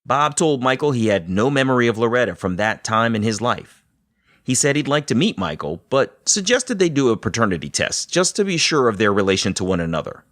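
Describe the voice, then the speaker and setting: A man's voice: mid-range voice, fairly quick, no echo, clean studio sound. A man hosting a podcast, narrating the story and reacting to his guest with short replies. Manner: narrates in a lively voice, short reactions while listening. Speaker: podcast host. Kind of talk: scripted narration and interview.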